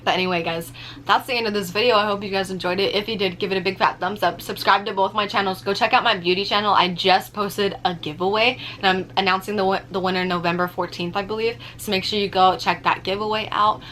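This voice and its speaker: Bright-voiced young woman vlogger. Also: medium pitch, fast, a little hiss or hum. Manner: animated, swears freely, lots of fillers. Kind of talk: casual storytelling vlog.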